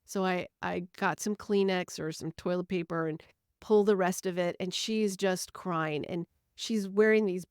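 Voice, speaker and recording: A woman's voice: fairly low pitch, fairly even intonation, normal speed, darkish tone, clean tone, no room sound. Woman hosting a reflective podcast, dry sound. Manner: earnest, explains with everyday stories and examples. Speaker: podcast host. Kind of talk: reflective solo podcast talk.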